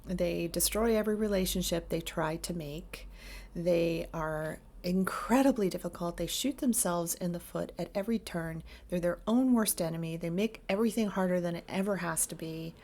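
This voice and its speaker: A woman therapist talks straight to camera, earnest and emphatic as she piles up lists to drive her advice home. Her voice sits a little on the low side. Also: normal speed, darkish tone. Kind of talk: direct-to-camera advice talk.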